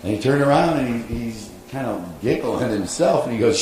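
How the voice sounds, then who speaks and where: A man telling an animated story on a convention panel, quoting people and laughing along. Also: medium pitch, normal speed. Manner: animated anecdote with laughs and acted-out quotes. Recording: echoey convention hall, faint noise.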